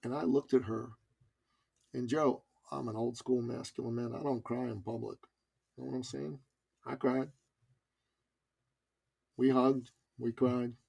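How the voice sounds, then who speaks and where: Man, middle-aged, gravelly voice, earnest emphatic storytelling, podcast guest. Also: medium pitch, level tone, a little slow, long pauses, warm tone. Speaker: podcast guest, business coach. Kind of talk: personal storytelling in conversation.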